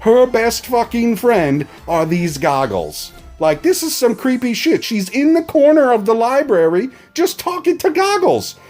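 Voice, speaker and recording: A man's voice: very high-pitched, very animated, measured pace, few pauses, a little mellow, soft background music. A man recapping a TV episode in a casual, profane, exasperated way. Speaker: TV reaction reviewer.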